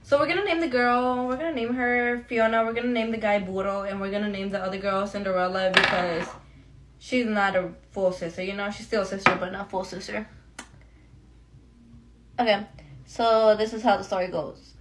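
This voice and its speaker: A woman's voice: mid-range voice, fairly even intonation, normal speed, heavy background noise. Young woman gossiping to her followers while doing her makeup, slangy and casual. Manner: chatty, slangy, addresses viewers as friends. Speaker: beauty vlogger. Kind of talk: get-ready-with-me storytime chat.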